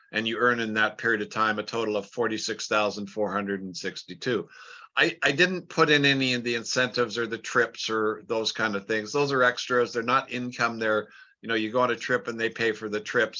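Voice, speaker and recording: A man's voice: on the low side, sharp tone, muffled recording. A man explaining a business plan chart step by step, plain and repetitive, often restarting words. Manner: plain, repeats words, talks through numbers step by step. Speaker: business trainer.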